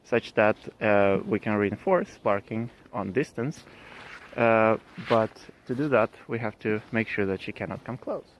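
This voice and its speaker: A man's voice: fairly low pitch, unhurried, dull audio, a little hiss or hum. A man explaining his dog training approach in a casual, thinking-aloud way, with plenty of fillers and restarts.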